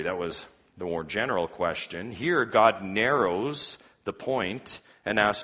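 Bright-voiced male pastor preaching. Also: fairly low pitch, animated, a little slow. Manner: earnest preaching, reading scripture aloud, rising for emphasis. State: coughing now and then. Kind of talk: sermon.

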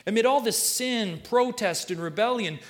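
A pastor, his voice somewhat high, delivers a sermon to the congregation at normal speed and reads from scripture. His preaching ranges widely, from hushed, intimate asides to forceful, repeated declarations that press every point.

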